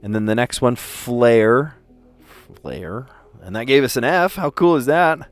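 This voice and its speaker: A man's voice: medium pitch, unhurried, soft background music. A man hosting a livestream, chatting casually and playfully as he recaps the day's word puzzles. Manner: chatty and playful, often laughing at his own stories.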